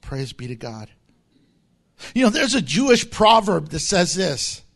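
Male pastor, middle-aged, lively sermon delivery, higher-pitched voice, acts out quotes. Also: unhurried. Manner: animated preaching with acted-out quotes and laughter.

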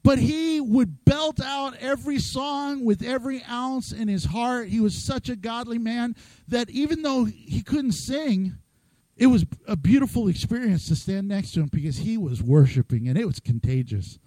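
A middle-aged man preaching a lively, joking sermon as pastor, acting out quoted voices. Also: extremely high pitch, a little slow, no echo, rough recording.

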